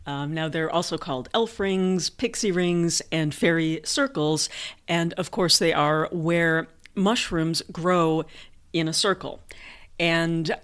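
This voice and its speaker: Lady podcast host, kinda low voice, talks really slow and even, explainer monologue w/ a few ums. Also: clear, resonant tone. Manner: measured, unhurried storytelling with occasional fillers.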